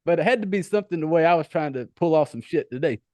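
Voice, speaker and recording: Southern guy hosting a podcast, talks a lot, swears, laughs, kinda high voice. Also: expressive, fast talker, warm tone, no room sound. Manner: chatty, swears freely, laughs often. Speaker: podcast host. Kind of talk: casual interview chat.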